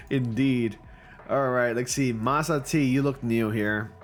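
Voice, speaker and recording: A man hosting his channel, giving casual, excitable commentary with gushing reactions and frequent fillers. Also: medium pitch, moderate pace. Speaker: channel host reviewing fan photo submissions.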